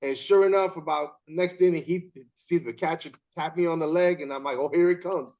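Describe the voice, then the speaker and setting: A man hosting a casual chat and telling umpiring stories in an animated way, acting out the scenes. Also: fairly high pitch, fairly quick. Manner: animated storyteller, acts out scenes. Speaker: interview host and umpire.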